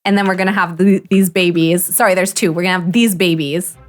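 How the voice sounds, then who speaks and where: Excitable woman gushing over a game. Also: lowish voice, brisk. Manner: excitable and gushing, gasps and laughs often. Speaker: streamer. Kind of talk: casual live gameplay commentary.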